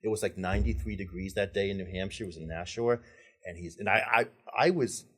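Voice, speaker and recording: Husky, animated middle-aged storyteller man. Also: low-pitched, quick pace. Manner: animated, laughing storyteller who acts out quoted dialogue. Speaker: podcast guest. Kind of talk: casual storytelling.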